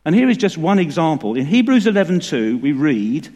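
A man preaching a sermon in a church, measured and emphatic. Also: a little high, very animated, a little mellow. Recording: long reverb of a church hall.

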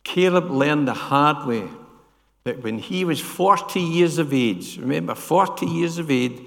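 A man's voice: on the high side, unhurried, creaky, big-room sound. An older man preaching a sermon in a church, often asking the congregation questions and tagging lines with "yeah?". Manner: asks the congregation questions, adds "yeah?" tags.

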